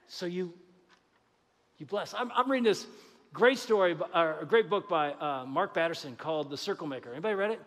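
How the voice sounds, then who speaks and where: A man preaching a sermon as pastor, animated, acting out conversations with God. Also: fairly high pitch, a little fast, big-room sound. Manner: animated, acts out dialogue with God. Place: church sanctuary.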